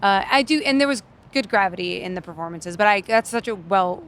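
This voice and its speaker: A woman from Worcester, a podcast guest chatting about a film in a quick, blunt, jokey way. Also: medium pitch, animated, a bit bright. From Worcester, Massachusetts. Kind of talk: casual movie review chat.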